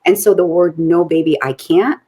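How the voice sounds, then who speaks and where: A woman's voice: on the low side, fairly even intonation, normal speed, warm tone. A woman in her forties co-hosting a podcast in a chatty, rambling way, laughing often. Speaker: podcast co-host. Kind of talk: casual podcast chat.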